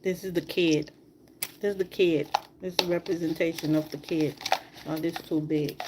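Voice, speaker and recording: A woman's voice: deep voice, little pitch movement, moderate pace, very noisy. A woman on a livestream, speaking in an impassioned, repetitive way and asking many rhetorical questions while fighting back tears. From outside the United States. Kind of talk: emotional livestream monologue.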